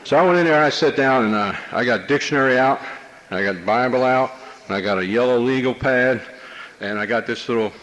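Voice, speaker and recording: A New Jersey man tells a meeting audience his personal recovery story in a wry, streetwise, conversational way, dropping "you know" again and again. His medium-pitched voice is brisk and a little bright. The low-quality recording carries slight background noise.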